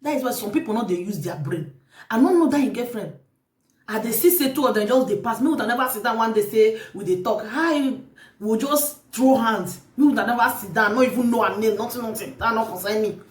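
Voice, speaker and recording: A woman with a Nigerian Pidgin accent telling a story in a casual, animated vlog, outspoken and repeating words for emphasis. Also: a little high, fairly quick. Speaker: vlogger. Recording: roomy sound from a distant mic.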